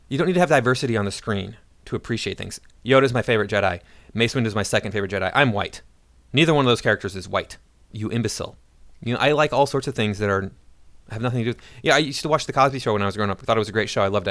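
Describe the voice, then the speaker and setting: A man's voice: fairly low pitch, racing, fairly bright tone, no room sound. A man giving sarcastic, indignant reaction commentary on a video clip. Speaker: YouTube commentator.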